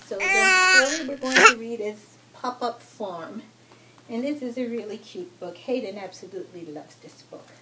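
A woman's voice: on the high side, expressive, moderate pace. A woman reading a picture book aloud to a doll at home, in sing-song baby talk, as a vlogger. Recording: loud background noise.

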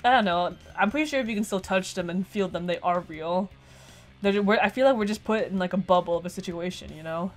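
A young woman with a lowish voice riffing loosely through a visual novel, rambling and dropping curse words. Soft game music plays faintly under her talk. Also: fast. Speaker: let's play gamer. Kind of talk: casual gameplay commentary.

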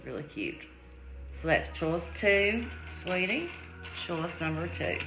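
A woman hosts a live-stream jewelry sale in a low, unhurried voice. She chats with viewers by name and calls them love, sweetie and darling. The room is echoey, with a faint hum behind her. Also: very animated, music in the background. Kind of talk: live-stream selling chat.

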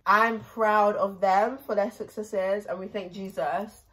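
A young woman hosting a casual music reaction vlog, chatty and excitable, rambling between laughs. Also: medium pitch, slow pace. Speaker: reaction video host.

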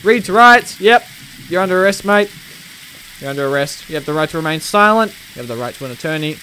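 A man giving excitable gameplay commentary with police role-play, shouting commands and laughing often. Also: fairly high pitch, fast, slight background noise. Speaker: gaming video host.

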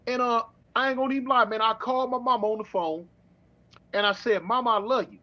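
A middle-aged man from California telling his story in casual street slang, with halting restarts, over a dull remote call. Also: very high-pitched. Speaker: guest.

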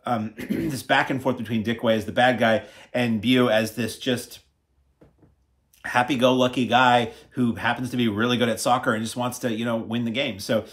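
A man's voice: medium pitch, steady tone, moderate pace. A man casually reviewing a film, chatty and upbeat, with many "uh" fillers and dry self-mocking asides.

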